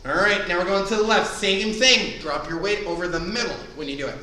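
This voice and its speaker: Upbeat karate instructor in an echoey hall. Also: male voice, high voice, fairly quick. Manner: upbeat coaching, counting moves with shouted kiai. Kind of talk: instructing a live online class. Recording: echoey room, voice far from the mic.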